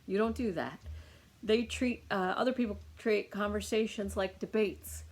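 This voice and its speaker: An energy healer gives a client a casual, rambling recorded healing reading, full of fillers and restarts. Her voice is medium in pitch with a darkish tone, and she talks at a moderate pace.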